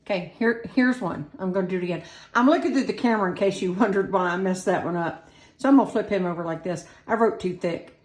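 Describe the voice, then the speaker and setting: A woman's voice: mid-range voice, fast talker, a little mellow. Chatty woman in an echoey kitchen. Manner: chatty, self-deprecating, talks while working. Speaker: home cooking host. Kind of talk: casual cooking demonstration. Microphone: camera on a tripod. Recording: echoey room.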